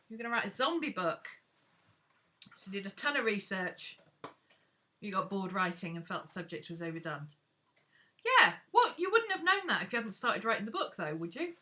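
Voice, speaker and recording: A woman's voice: mid-range voice, very animated, normal speed, pauses often, pushed and bright. A woman chatting frankly and casually to her viewers while she works on a craft live stream.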